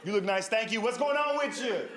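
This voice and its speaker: Man putting on a loud bossy old lady therapist. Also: high voice, lively intonation, brisk, echoey room, very noisy, voice pushed up. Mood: nosy. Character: brash older woman therapist, blunt and bossy.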